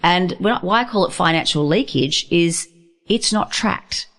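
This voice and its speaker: Woman, low voice, radio guest, no-nonsense, emphatic. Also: animated, measured pace, a bit bright. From Australia. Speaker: radio guest, workplace wellbeing speaker. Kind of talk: casual radio interview. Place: radio studio.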